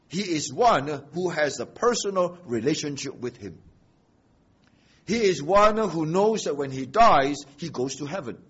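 Lively, husky-voiced male preacher. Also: fairly high pitch, lo-fi sound. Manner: emphatic, uses rhetorical questions and repetition. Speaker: pastor. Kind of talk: sermon.

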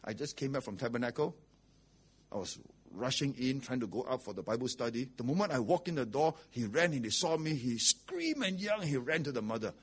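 A man's voice: mid-range voice, slightly rough. A man preaching a sermon as pastor, blunt and rhetorical, often asking "okay?" and "right?".

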